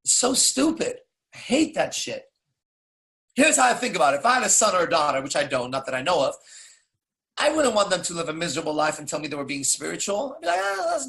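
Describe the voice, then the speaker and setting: A man's voice: a little high, big pitch swings, fast talker, vocal fry, fairly bright tone. A man coaching in a blunt, profane casual monologue, firing off rhetorical questions. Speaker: dating coach.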